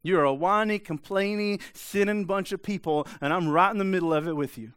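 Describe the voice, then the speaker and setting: A male pastor preaches emphatically in a conversational way, now and then dropping into quiet, intense asides. His voice is slightly high and smooth and clear. It is recorded close, with a dry sound. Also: a little fast, no room sound. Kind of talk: sermon.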